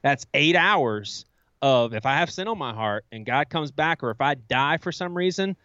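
A man's voice: medium pitch, expressive, normal speed, sharp tone, no room sound. Guy telling candid stories in an interview, acts out his old self, kinda dull dry recording. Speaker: guest author. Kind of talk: casual storytelling interview.

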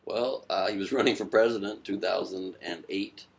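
A man, a comedian guest chatting casually with dry, deadpan humor. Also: sits low, brisk, breathy edge, rough recording. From United States. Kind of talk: casual chat.

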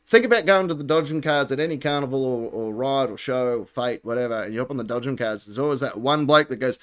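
A man's voice: mid-range voice, fast talker, few pauses, clean tone. Laughing man hosting a live show. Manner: laughs often, awards points. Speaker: host. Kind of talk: casual live comedy chat.

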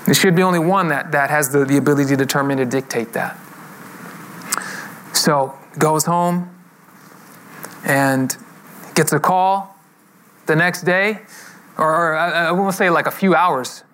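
A man's voice: fairly high pitch, unhurried, pauses often, a bit bright, slight background noise. A man preaching a sermon, telling a story and acting out the quoted voices of the people in it. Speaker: pastor.

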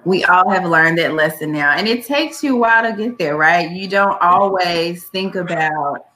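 A woman's voice: fairly low pitch, normal speed, pushed and bright, slight background noise. A woman hosting a podcast who wraps up the episode with encouraging advice for her listeners. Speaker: podcast host. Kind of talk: casual podcast chat. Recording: roomy echo.

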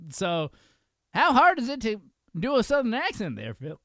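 A man's voice: very high voice, wildly swooping pitch, normal speed, a bit bright, no echo, clean studio sound. A man hosting a casual podcast chat, loose and profane, laughing often and restarting his sentences. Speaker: podcast host.

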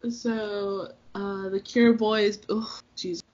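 Husky woman recapping a movie, muffled. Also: medium pitch, flat delivery, very slow, a little mellow. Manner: laughs a lot, slangy retelling. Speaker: podcast co-host. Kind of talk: casual movie recap chat. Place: hot indoor room with fan. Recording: muffled lo-fi sound.

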